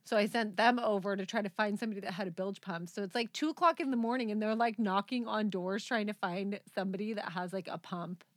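A woman co-hosting a podcast chats loosely and tells long, rambling stories, often breaking into laughter. Her voice sits at an ordinary middle pitch. The sound is dry and close, with no room echo. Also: quick pace, few pauses. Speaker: podcast co-host. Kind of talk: casual chat.

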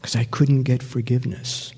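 A man giving a personal recovery testimony to an audience, speaking reflectively and pausing often with fillers. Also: medium pitch, level tone, darkish tone, husky. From New York. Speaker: speaker sharing his recovery story. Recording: long hall reverb.

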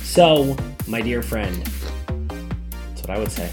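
A man's voice: lowish voice, lively intonation, slow, music in the background. A man co-hosting a casual podcast, reacting with enthusiastic exclamations and running the sign-off. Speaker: podcast co-host.

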